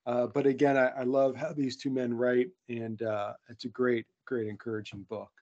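A man speaks in an earnest, friendly podcast chat, often pausing on fillers and starting over. His voice sits mid-range and mellow, with a dark warmth. The sound is a bit dull and lo-fi. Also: medium pitch, flat delivery. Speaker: podcast co-host. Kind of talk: casual conversational podcast.

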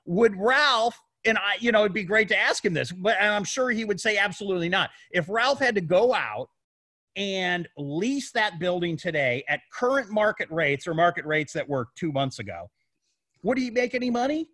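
A man's voice: high voice, lively intonation, moderate pace, pushed and bright, no room sound. A man in a casual discussion who talks emphatically, repeats his words and piles up rhetorical questions.

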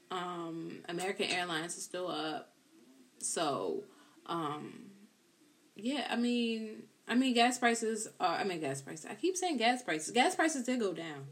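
A woman hosting a live stream, telling a rambling, animated story to her viewers and peppering it with "like" and "or whatever.". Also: medium pitch.

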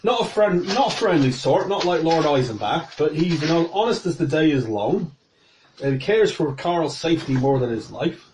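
A man's voice: fairly high pitch, expressive, moderate pace, darkish tone, slight background noise, natural voice, poor audio. A man as a rambling, friendly camp follower. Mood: informative. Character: middle-aged male camp follower, helpful and talkative.

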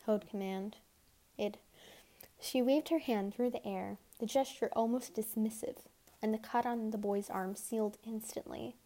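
A woman reading a novel aloud as an amateur audiobook, quick, giving the characters softly shifted voices. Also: mid-range voice, steady tone. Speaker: audiobook reader.

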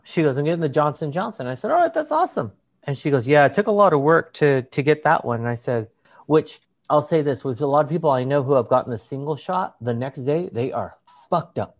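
A podcast co-host with a mid-range voice tells a story in casual conversation. They swear freely, laugh often, and imitate other people's voices.

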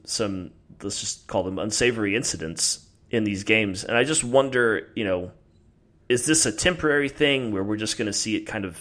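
A man's voice: lowish voice, fairly bright tone. A man hosting a casual discussion, thinking aloud and posing questions hesitantly.

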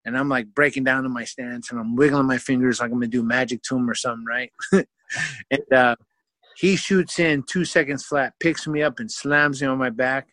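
A man telling a self-mocking personal story in an animated way, with frequent fillers. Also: medium pitch, fairly quick, no echo. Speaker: guest storyteller.

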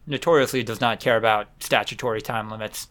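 A man's voice: fairly low pitch, fairly even intonation, fast talker, a bit bright, slight background noise. A man co-hosting a podcast over a video call, chiming in with short, wry quips in casual chat. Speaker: podcast co-host.

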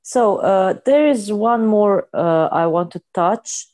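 A woman energy healing practitioner speaking in halting, non-native English, restarting and repeating words as she explains and practises healing statements. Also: mid-range voice, a little mellow.

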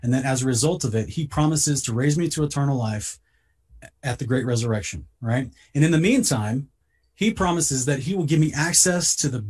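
Husky man telling a story earnestly. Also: medium pitch. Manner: earnest, halting, repeats words when starting sentences. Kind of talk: casual podcast storytelling.

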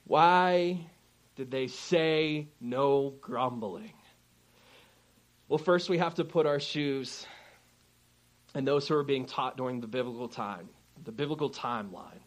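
A man in his thirties, a pastor preaching a sermon to his congregation, calling out to them and moving between slow, soft emphasis and loud, lively storytelling. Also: a little high. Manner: animated preaching, asking the congregation for responses.

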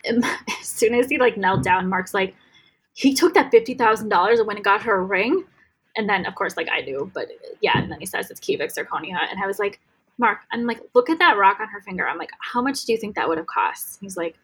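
A woman's voice: medium pitch, fairly bright tone, slightly rough, rough recording. A woman co-hosting a podcast, chatting casually about a TV episode with many fillers. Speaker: podcast co-host. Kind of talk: casual chat.

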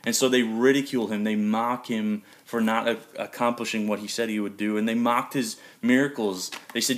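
A young man gives a sermon in a relaxed, conversational manner, earnest and plain-spoken. His voice sits a little low and he leans on casual fillers as he preaches. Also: moderate pace, hardly any pauses. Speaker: pastor.

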